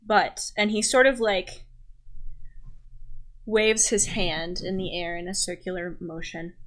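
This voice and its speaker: A woman's voice: lowish voice, steady tone, a bit bright, low-quality recording. Woman game master, takes her time, hesitant narration with fillers. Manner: unhurried, hesitant, many fillers.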